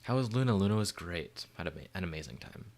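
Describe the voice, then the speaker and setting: A man runs a livestream, rambling casually and excitedly through chat questions with plenty of filler words. His voice is low and he talks fast.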